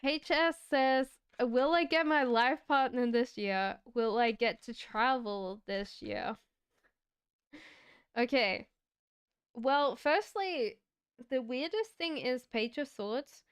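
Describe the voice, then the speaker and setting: A woman doing a live-stream tarot reading, talking in a slow, reflective, chatty way and giggling now and then. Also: high voice, clear, resonant tone, dry recording. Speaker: tarot reader.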